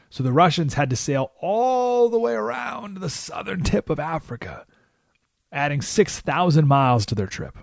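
A man hosting a talk radio show, telling stories with animated delivery and asking rhetorical questions. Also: fairly high pitch, gravelly, no room sound, studio quality. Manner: animated storytelling with frequent rhetorical "right?"; acts out quoted voices.

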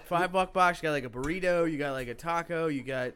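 A young man with a smooth, clear, slightly high voice, earnestly rambling through a story while others keep cutting in. He keeps pushing on with his tale in a loose, casual way. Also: fast, fairly bright tone.

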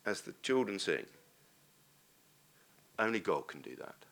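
A man's voice: lowish voice, very animated, unhurried, pauses often, a bit bright. A man preaching a sermon, earnest and posing rhetorical questions to the congregation.

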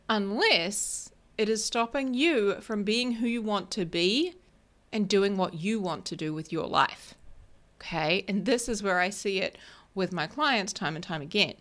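A woman's voice: medium pitch, expressive, moderate pace, a bit bright. Chatty woman coaching, keeps asking "right?". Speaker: life coach and podcast host. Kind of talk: casual solo podcast talk.

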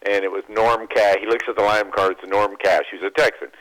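A man with a fairly low voice spins lively baseball stories as a guest on a radio talk show. He acts out the lines of the people in his tales, then turns quiet and reflective. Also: fairly quick. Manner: animated anecdote teller, mimics voices. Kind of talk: phone-in radio interview, storytelling. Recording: phone line.

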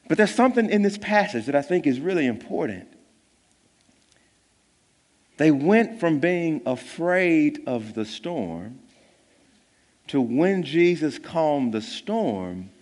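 Man preaching a lively sermon in a reverberant hall. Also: medium pitch. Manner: animated, swings from loud bursts to hushed; conversational, acts out voices of disciples. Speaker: pastor.

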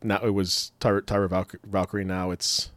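Laughing, rambling man with a low voice. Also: normal speed, no room sound. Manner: laughs often, rambling, excitable. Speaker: podcast co-host. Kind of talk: casual wrestling chat.

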